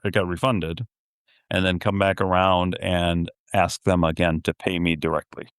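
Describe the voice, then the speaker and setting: A man's voice: low voice, little pitch movement, moderate pace, smooth, dry recording, clean studio sound. A middle-aged man on a podcast telling a story, acting out both sides of a phone call and laughing in disbelief. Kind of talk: casual storytelling.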